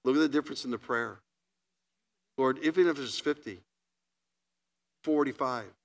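A man preaching a sermon, reading scripture aloud with emphatic pauses and then commenting in a conversational way. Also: medium pitch. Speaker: pastor.

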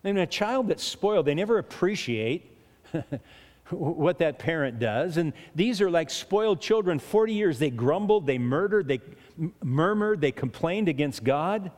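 A man's voice: on the high side, animated, unhurried, darkish tone. A man preaching a sermon in a chatty way, often restarting and chuckling between points. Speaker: pastor. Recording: long hall reverb.

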